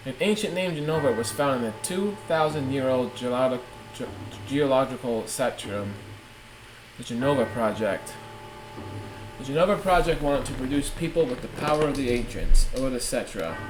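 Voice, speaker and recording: A man reading aloud the lines of a cold, aloof male villain swordsman from a game, in a lowered voice. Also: normal speed, roomy sound, background noise, lightly acted. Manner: reads game dialogue aloud in a lowered, flat voice. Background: game music.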